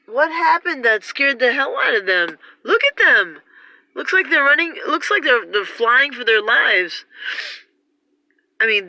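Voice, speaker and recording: A woman filming outdoors on a phone, giving an excited, breathless running commentary and exclaiming over and over. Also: on the high side, takes it slowly, dry recording. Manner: breathless, exclaiming, repeating herself. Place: outdoors in the cold.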